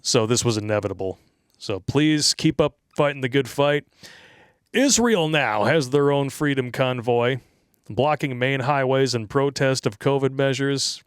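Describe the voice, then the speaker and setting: A man's voice: mid-range voice, measured pace, smooth, dry recording, clean studio sound. A man hosting a casual political commentary show, brash, sarcastic and profane. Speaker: show host.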